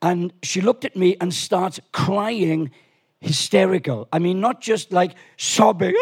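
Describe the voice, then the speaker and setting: A husky man in his sixties leads a church service with a relaxed, joking delivery. His voice sits high for a man, and he often restarts his sentences as he tells a story to the congregation. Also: unhurried. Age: 60s. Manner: chatty, joking, rambling with restarts. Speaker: guest preacher. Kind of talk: sermon with storytelling.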